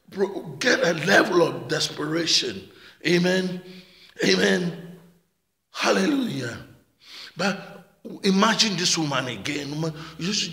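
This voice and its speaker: A man preaches a passionate sermon as a pastor, repeating words and calling out "amen" and "hallelujah." His voice is a little high, creaky, pushed and bright. He's in a church hall, and the recording echoes with long reverb.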